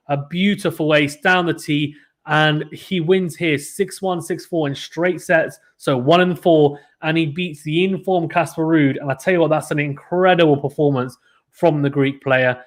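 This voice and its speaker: A man commentating a live tennis watchalong stream, chatting casually and reading out viewer comments between points. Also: on the high side.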